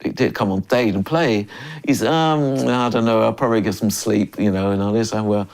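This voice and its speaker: A man's voice: lowish voice, brisk, gravelly. Older man from memphis, laughing storyteller, mimics voices, casual interview. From Memphis, USA. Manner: animated, laughs often, acts out others' lines. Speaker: guest drummer.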